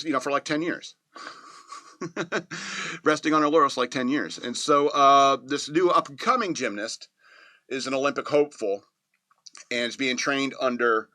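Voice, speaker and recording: A man hosting a casual movie review show, rambling and joking, often laughing at his own remarks and slipping into quick mock voices for scenes. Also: medium pitch, sharp tone, no room sound. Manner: slips into quick mocking voices to act out scenes. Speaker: movie reviewer, podcast host.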